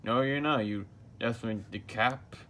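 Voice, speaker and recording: A man's voice: medium pitch, fairly quick, fairly bright tone, lightly acted. A man voicing a tiny scheming male plankton from a cartoon, in a smug know-it-all tone.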